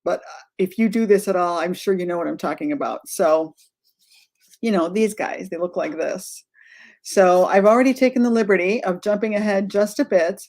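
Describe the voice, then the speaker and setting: With a mid-range, slightly mellow voice at a moderate pace, a middle-aged art tutorial host runs a live-streamed craft session. She chats casually, welcomes viewers by name, and frequently wanders off-topic before correcting herself.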